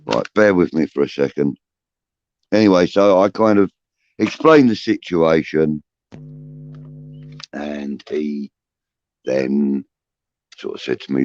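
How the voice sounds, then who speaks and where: A man's voice: rumbling low, slow, pauses often, darkish tone, no echo, highs cut off. A man hosting a casual livestream, rambling with many restarts and swearing, reading out chat comments. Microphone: phone.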